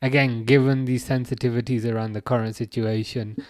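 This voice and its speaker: A man hosts a relaxed football chat stream, working through viewer comments one by one. His voice sits at an ordinary middle pitch, and he hesitates a lot, with frequent "um"s and false starts. The sound is dry and close, with no room echo. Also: a little fast. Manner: hesitant, lots of fillers and restarts. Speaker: livestream host.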